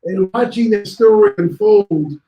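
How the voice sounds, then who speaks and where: High-voiced man telling stories in an echoey room. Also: normal speed. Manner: lively storyteller who acts out other people's lines. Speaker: guest. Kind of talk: anecdotal storytelling.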